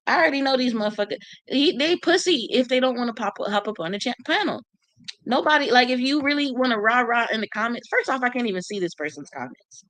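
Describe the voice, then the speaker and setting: A woman's voice: fairly high pitch, a bit bright, no echo. Brash, profane woman on a livestream. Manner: blunt, profane, brash, talks back to commenters. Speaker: channel host reading live comments. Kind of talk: casual livestream chat.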